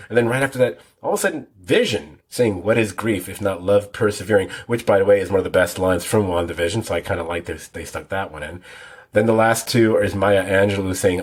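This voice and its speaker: A man's voice: lowish voice, slightly rough. A man co-hosting a TV podcast, rambling through details in a casual, self-deprecating way. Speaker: podcast co-host. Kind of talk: casual chat.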